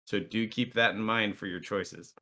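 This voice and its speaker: A man running a tabletop game as dungeon master, animated, slipping into comic voices for characters. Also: fairly low pitch, moderate pace.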